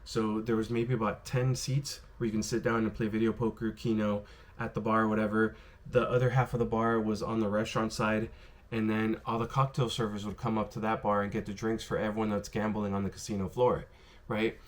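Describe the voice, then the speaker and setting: A man casually telling stories to the camera about his bartending days, rambling and filling pauses with "um" and "you know". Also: on the low side, level tone. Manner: rambling, filler-heavy, lots of "you know" and "um". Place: worked in Las Vegas.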